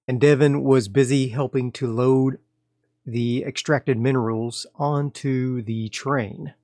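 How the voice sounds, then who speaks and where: A man hosting and narrating a solo tabletop horror game, telling the story in a loose, relaxed way with fillers and restarts. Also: medium pitch, dry recording, studio quality. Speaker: game master and host of solo tabletop play.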